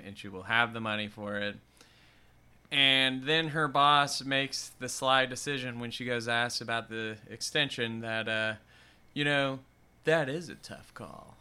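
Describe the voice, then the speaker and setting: A man chatting casually on a podcast, recapping a movie with lively energy. His voice is very bright and crisp, smooth and clear, and he slips into goofy character voices as he goes. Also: a little slow. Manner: animated retelling, jumping into high silly voices for characters. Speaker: podcast co-host. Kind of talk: casual film discussion.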